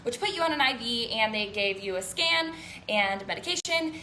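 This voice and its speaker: A woman in her twenties tells an indignant story with emphasis, her voice high and bright. She is recorded in an echoey room with faint noise in the background. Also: lively intonation, normal speed. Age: 20s. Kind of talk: casual storytelling.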